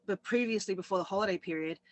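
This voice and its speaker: A woman's voice: mid-range voice, quick pace, no echo, poor audio. A woman co-hosting a casual chat, rambling and laughing as she tells her story. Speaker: co-host.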